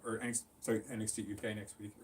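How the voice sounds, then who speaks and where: Dude joking around on a podcast, lowish voice, kinda far from the mic. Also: male voice, little pitch movement, racing. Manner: joking, does mock voices, offhand. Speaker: podcast co-host. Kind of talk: casual wrestling chat. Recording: distant mic with faint ambient noise.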